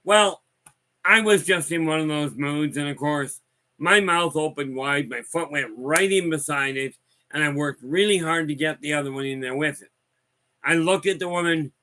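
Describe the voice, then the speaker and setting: A man with a bright, forceful voice and a slightly raised pitch rambles through folksy stories with a wry edge. He talks casually, as a host answering comments from his viewers. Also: moderate pace. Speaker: host of a live talk stream. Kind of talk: casual storytelling chat.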